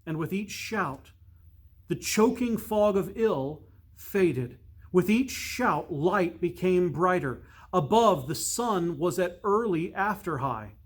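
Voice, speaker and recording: A priest reading a storybook aloud, slow and measured, dropping to a hush for suspense. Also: male voice, high voice, expressive, husky.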